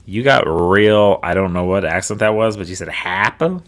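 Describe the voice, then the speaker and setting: A man's voice: low voice, steady tone, moderate pace. A young man co-hosting a podcast, chatting casually, laughing often and rambling. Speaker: podcast co-host. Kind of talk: casual chat.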